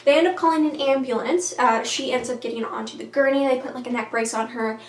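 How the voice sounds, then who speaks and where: A young woman recapping a story casually, saying "like" often and acting out quotes in quick voices. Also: high-pitched, recorded from a distance, a little hiss or hum. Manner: chatty, many "like"s, acts out quotes in quick voices. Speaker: book vlogger. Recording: echoey room with faint ambience.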